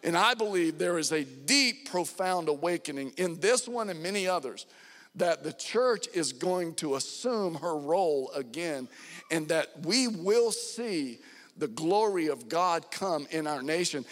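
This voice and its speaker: A middle-aged man preaching a sermon as pastor, with fervent emphasis that rises loud on key lines. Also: on the high side, animated, a little slow. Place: church sanctuary. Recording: long hall reverb.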